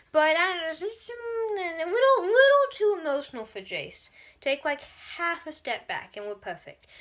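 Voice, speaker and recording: A young woman with a crisp, bright voice pitched a little high chats through a fan review of a TV episode. She gushes and rambles, tossing in quick asides as she goes. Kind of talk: casual fan review vlog.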